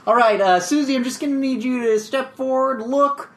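A man's voice: very high-pitched, normal speed, creaky, fairly bright tone, voice pushed up, heavily acted. A man doing a weary film director. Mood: coaxing. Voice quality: patient but exasperated coaxing. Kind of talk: improvised comedy bit.

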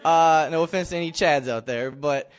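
A man spins a comic personal story with plenty of energy, dropping into the voices of the people he describes. His talk is loose and lively, with a few curses. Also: a little high, normal speed. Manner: animated, acts out quoted voices, swears.

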